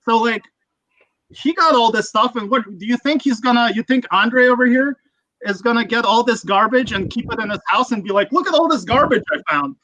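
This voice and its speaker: Male streamer, crisp bright tone, dry mic, foul-mouthed and rambling. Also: extremely high pitch, fairly quick, no echo, rough recording. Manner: profane, ranting, rambling. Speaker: livestream host. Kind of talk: casual livestream chat.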